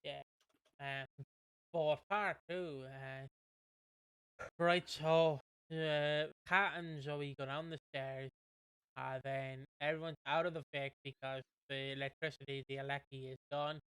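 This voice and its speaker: A man co-hosting a podcast, chatting in a quick, amused, sweary way while recapping a soap. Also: fairly high pitch, fairly even intonation, a bit bright, clean tone, no echo, low-quality recording. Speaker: podcast co-host. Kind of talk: casual chat recapping a soap.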